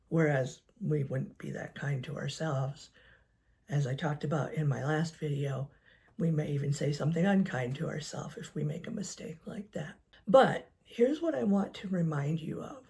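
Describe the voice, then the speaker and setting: A woman counselor giving gentle advice to camera, soft-spoken and often dropping to a near whisper. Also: sits low, moderate pace, vocal fry. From United States. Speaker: licensed professional counselor. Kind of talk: calm advice talk to camera.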